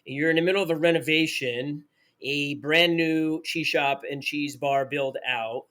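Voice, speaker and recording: A man's voice: fairly high pitch, fairly even intonation, normal speed, a bit bright. A man with a New Jersey accent hosting a casual interview podcast, talking in an enthusiastic, playful way. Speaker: podcast host.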